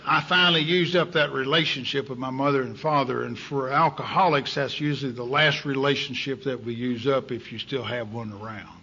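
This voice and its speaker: A middle-aged man from Texas telling his recovery story at a meeting, folksy and candid, his voice sinking low in the hard parts. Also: bright, forceful tone, a little hiss or hum. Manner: folksy, candid, drops to near silence in heavy moments. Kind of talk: storytelling talk. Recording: dull lo-fi tape recording.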